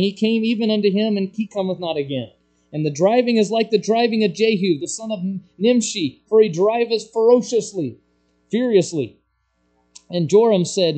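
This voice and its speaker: A man's voice: high-pitched, dark tone. A man preaching a sermon, reading scripture aloud and explaining it with rising emphasis. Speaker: pastor.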